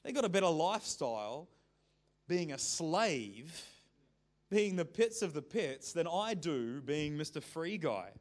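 A man's voice: a little high, very animated, unhurried. A man doing a casual young prodigal son. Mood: chatty. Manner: chatty, casual storytelling voice.

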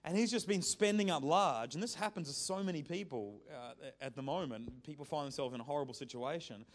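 A man's voice: a little high, a little fast. A man preaching a sermon, telling a story in a conversational, joking way. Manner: conversational, lively storytelling with jokes.

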